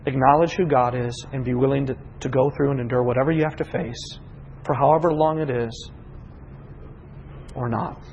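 A pastor preaching a sermon, telling a personal story earnestly, moving from hushed reflection to impassioned prayer. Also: male voice, medium pitch, long reverb tail, dull audio, a little hiss or hum.

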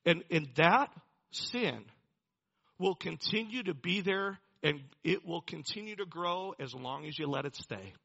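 A man preaching a sermon with a gravelly, husky voice that sits a little high and sounds bright and tense. He tells a personal story earnestly and builds to emphatic preaching. The recording is muffled and lo-fi. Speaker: pastor.

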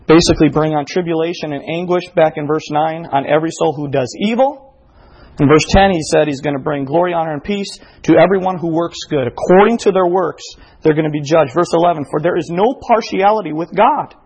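Husky-voiced preacher, man. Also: fairly high pitch, brisk, a little mellow. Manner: preaching with rising emphasis and quoted exchanges. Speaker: pastor. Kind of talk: sermon.

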